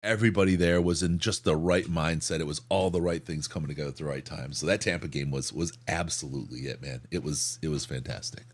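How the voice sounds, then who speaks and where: A man co-hosting a sports podcast who tells an excited story in a hoarse voice, often repeating words. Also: very deep voice, quick pace, few pauses. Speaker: podcast co-host.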